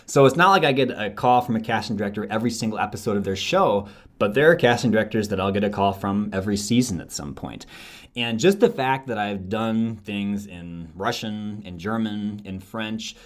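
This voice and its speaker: Man from Wisconsin, low voice, relaxed interview chat, animated storytelling. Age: young adult. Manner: animated, switches into playful accents. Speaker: actor, podcast guest.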